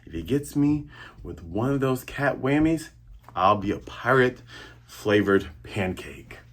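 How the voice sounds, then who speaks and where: A man voicing a stern, determined young male swordsman, speaking low and grim, as he reads out a manga scene. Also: animated, unhurried, a bit bright.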